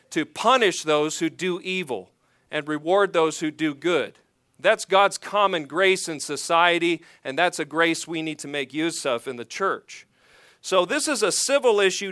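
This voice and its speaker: A man's voice: high-pitched, bright, forceful tone, no room sound, clean studio sound. A man preaching a sermon as pastor, earnest and emphatic, reading scripture and then explaining it to his congregation.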